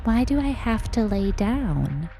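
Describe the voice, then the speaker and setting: A woman's voice: on the high side, sing-song, slow pace, vocal fry, mellow, faint music behind, pitched above the performer's own voice, full character voice. A woman reading a story aloud, voicing a scared little girl who keeps asking worried questions. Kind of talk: audiobook reading.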